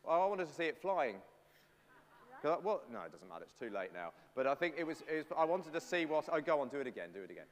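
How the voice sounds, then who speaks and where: In a church full of long reverb, a preacher with a fairly high, very animated voice speaks quickly. His sermon is playful and chatty, and he talks back and forth with the congregation.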